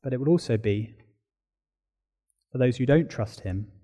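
Emphatic preacher man, warm voice. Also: mid-range voice, animated, measured pace. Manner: emphatic, builds intensity with repeated phrases, then drops to quiet. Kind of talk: expository sermon.

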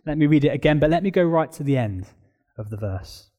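Male preacher, sermon, emphatic repetition, warm tone, slightly high pitch. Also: animated, fairly quick. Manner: emphatic, builds intensity with repeated phrases, then drops to quiet. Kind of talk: expository sermon.

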